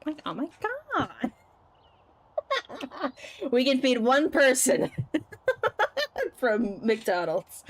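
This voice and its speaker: A woman's voice: high-pitched, huge pitch swings, extremely slow, long pauses. A woman streaming a game, chatting casually, teasing and laughing often. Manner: giggly, playful, teasing. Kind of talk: casual gameplay commentary.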